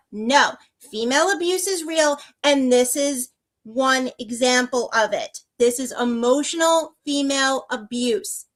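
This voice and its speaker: A woman's voice: high voice, measured pace. A woman appearing as a guest on a live talk stream, speaking earnestly, restarting her sentences and often checking in with "right?". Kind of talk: casual live-stream chat.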